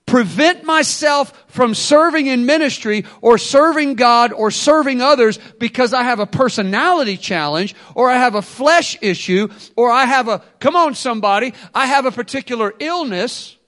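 A man preaching a sermon with energy, swinging between loud bursts and quiet asides to the congregation. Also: very high voice. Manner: energetic preaching, acts out excuses in quotes. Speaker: pastor.

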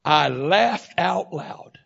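Male preacher, raised pitch, gravelly rasp, dynamic delivery from hushed to shouted. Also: animated, very slow, muffled recording. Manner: swings from quiet storytelling to shouting intensity. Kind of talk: sermon.

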